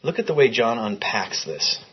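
Husky man teaching scripture to a group. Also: mid-range voice, sing-song, normal speed. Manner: questions the group, reads scripture aloud. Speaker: Bible study teacher. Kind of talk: interactive Bible teaching. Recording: dull lo-fi recording.

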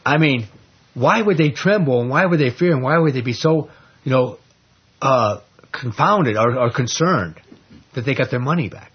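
Leading a Bible study, a man reads scripture and talks it through conversationally, asking the class questions and using many fillers. He speaks at normal speed in an expressive, medium-pitched voice with a breathy edge, with the highs cut off.

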